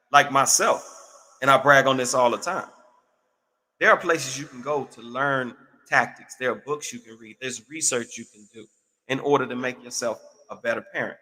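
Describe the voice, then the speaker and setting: Man, talk show host, bright tone, profane, casual, reverberant sound. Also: mid-range voice. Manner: loose, profane, talks straight to listeners.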